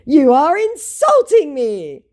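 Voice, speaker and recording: A whiny, lovesick male scammer , put on by a woman. He pleads high, loud and slow, dragging out each word in broken English. The voice swoops up in a wheedling wail. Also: wildly swooping pitch, full character voice. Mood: whiny pleading.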